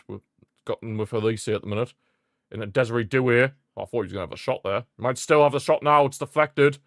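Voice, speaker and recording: A man giving casual live commentary on a football match as he watches along, chatty and prone to repeating himself with sudden excited bursts. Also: mid-range voice, dry recording, studio quality.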